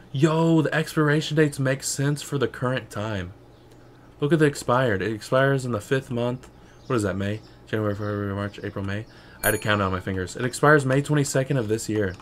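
A man's voice: medium pitch, a little hiss or hum. A young man streaming a shop game, chatting casually and sarcastically, with lots of "bro" and "like". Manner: rambling, sarcastic, says "bro" and "like" a lot. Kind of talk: casual gameplay commentary.

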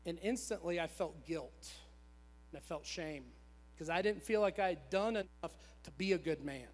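A man's voice: on the high side, moderate pace. A man in his thirties preaching a sermon in a church, telling a personal story in a conversational, repetitive, self-deprecating way. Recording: long church hall reverb.

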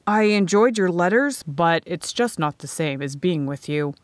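A woman's voice: a little slow, no room sound. A woman voicing an eager, earnest young man in an audiobook. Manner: steady, low-pitched storybook dialogue.

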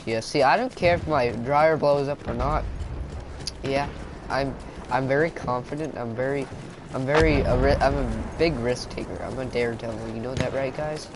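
A man's voice: medium pitch, moderate pace, noisy background. A young man giving casual, joking gameplay commentary as a gaming YouTuber, rambling and mocking himself. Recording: loud game sounds behind voice.

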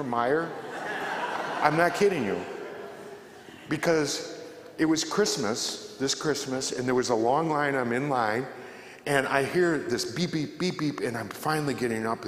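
Man telling stories in an echoey church. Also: mid-range voice. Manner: conversational, joking storyteller who drops to a soft, quiet delivery. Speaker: guest speaker at a church. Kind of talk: inspirational faith talk. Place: large church. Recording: echoey church hall with long reverb.

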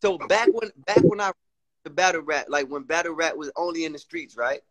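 Brief: excitable host on a call, high pitched, emphatic, quick to laugh. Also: male voice. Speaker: panel host, former battle rapper. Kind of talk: casual chat on a call. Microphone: remote call mic.

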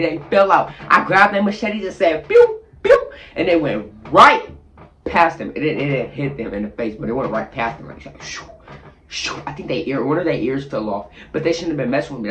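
Sitting on the toilet in his bathroom, a man vlogs a dramatic story, acting out scenes with sound effects and voices. His voice is medium-pitched with a sharp tone, and the storytelling is animated.

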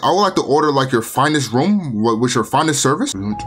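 Excitable young man narrating gameplay. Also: mid-range voice, brisk, faint music behind. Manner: excitable, joking, shouts and exclamations. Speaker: gaming video host. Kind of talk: casual gameplay commentary.

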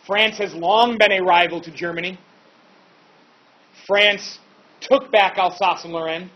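A man gives a casual classroom history lesson, chatty and full of informal asides and fillers. His high-pitched voice is steady, pushed, and bright, at a measured pace, on a dull lo-fi recording.

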